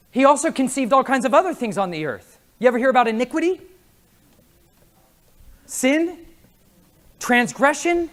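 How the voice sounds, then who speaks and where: Before an audience in a conference hall, a man delivers a lively sermon full of stories, his voice swinging all over between high and low. He's animated, laughs often, and acts out the voices of people at his table.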